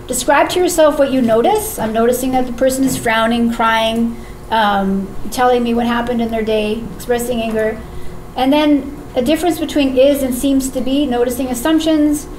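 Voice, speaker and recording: A woman facilitator teaching a live workshop, upbeat and encouraging, often checking in with "right?". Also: sits high. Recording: echoey room with faint noise.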